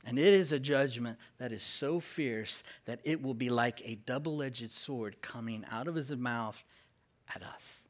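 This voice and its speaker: In this sermon, the male pastor takes a slow, weighty pace, leaning on crucial words. His pitch rises and falls with energy as he leads the congregation in call-and-response.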